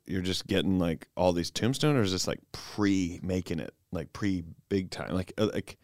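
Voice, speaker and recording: A young adult man co-hosting a podcast, riffing animatedly in casual comedic chat and quick to laugh. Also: sits low, darkish tone, no room sound, studio quality. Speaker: podcast co-host.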